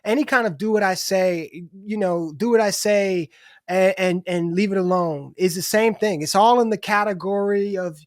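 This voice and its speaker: A man's voice: high voice, normal speed, no room sound. Man, middle-aged, podcast guest, candid, casual swearing, many restarts, dry close-miked sound. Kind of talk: casual conversation.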